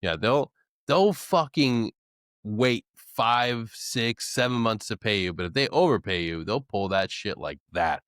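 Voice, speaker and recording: A man's voice: lowish voice, animated, unhurried, fairly bright tone, clean tone, no room sound, studio quality. A man hosting a podcast, a former Green Beret who reacts in a blunt, profane, laid-back way during casual chat.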